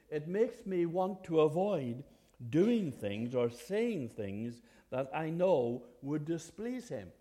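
A man's voice: on the high side, dark tone. A man preaching a sermon in an earnest, conversational way, with hesitant restarts. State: occasional cough.

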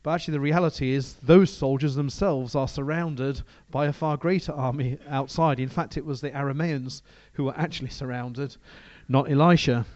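Man preaching a relaxed, halting sermon. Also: medium pitch, no room sound, lo-fi sound. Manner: conversational, hesitant, frequent restarts. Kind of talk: sermon with bible reading.

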